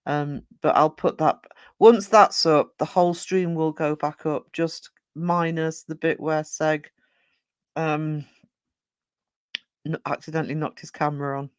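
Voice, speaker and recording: Streamer, rambling chat, reads comments aloud, dry room, middle pitch. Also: fairly even intonation, measured pace, smooth, dry recording. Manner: frequent fillers and self-corrections. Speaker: live-stream host. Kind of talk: casual live-stream chat.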